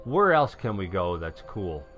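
A middle-aged man from New York talks his viewers through a game live, his pitch leaping all over the place as he gets excited. His voice is bright and forceful, and he breaks into shouts at his wins. It sounds like a desk mic at a home gaming setup. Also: measured pace, dull audio, soft background music. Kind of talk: live gameplay commentary.

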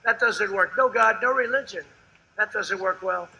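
An older man giving a rambling, boastful campaign rally speech, repeating himself and swinging between shouted lines and hushed asides. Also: high-pitched, moderate pace, gravelly, poor audio. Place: outdoor rally before a large crowd.

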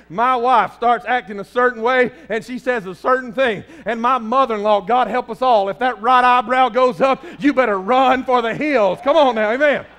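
A man with a Southern US accent preaching a fervent sermon as pastor in a church, often rising to a shout. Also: very high voice. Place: church sanctuary.

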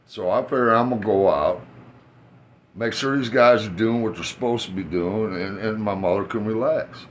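A middle-aged man with a very low, deep voice rambles through profane family stories and chuckles at his own punchlines. The sound is dull and lo-fi, with a faint hum of ambience behind him. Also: normal speed. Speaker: vlogger telling life stories. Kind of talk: casual storytelling.

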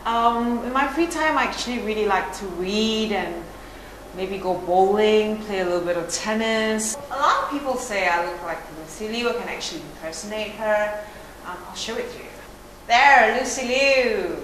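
A woman's voice: medium pitch, normal speed, a bit bright, lightly acted. An actress playing a boastful young woman auditioning, chatty and rambling with many fillers. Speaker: audition candidate. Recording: echoey room with background noise.

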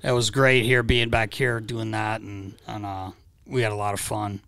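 A man's voice: fairly low pitch, level tone, normal speed, creaky, fairly bright tone, smooth, dry recording. Rambling, salty-mouthed male podcast host. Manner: rambling, profane storytelling. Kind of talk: casual podcast chat.

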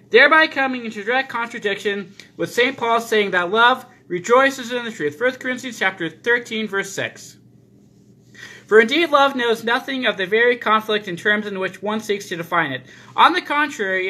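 A man preaching a sermon, reading deliberately and slowing down to stress repeated phrases. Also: high voice, sharp tone. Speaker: pastor.

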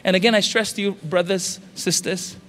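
A man preaching with urgent, repeated exhortations, his voice pitched high for a man. His sermon rings through a large church hall with a long reverberant tail. Soft music drifts faintly underneath. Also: moderate pace. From Singapore. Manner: urgent, repetitive exhortations with rising calls. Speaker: senior pastor. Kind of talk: impassioned sermon.

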